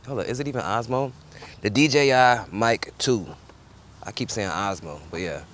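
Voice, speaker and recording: A man's voice: lowish voice, normal speed, a bit bright. A man running a casual microphone sound test outdoors, talking loosely and rambling to viewers on a wireless clip-on mic. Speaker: gear reviewer. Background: faint ambience with people around.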